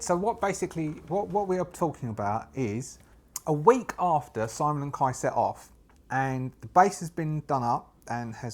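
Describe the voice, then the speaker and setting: A man narrating a solo tabletop role-playing game, thinking aloud in a rambling way with many restarts. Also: mid-range voice.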